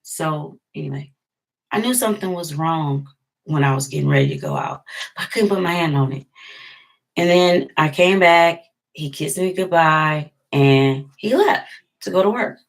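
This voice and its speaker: Low-voiced woman telling a heartbreak story. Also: lively intonation, measured pace. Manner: rambling, self-correcting storytelling. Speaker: vlogger. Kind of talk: storytime vlog.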